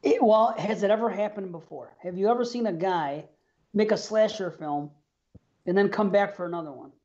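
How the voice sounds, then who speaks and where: A man's voice: high-pitched, normal speed, a little mellow, dull audio. A man co-hosting a horror podcast in casual chat, rambling, swearing and trailing off mid-thought. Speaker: podcast co-host.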